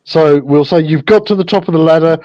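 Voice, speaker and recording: A man runs a tabletop horror game as storyteller, his voice sitting a little high. He narrates in a relaxed way, pausing on fillers as he goes. The sound is dull and lo-fi, with a dry, close feel. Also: dry recording.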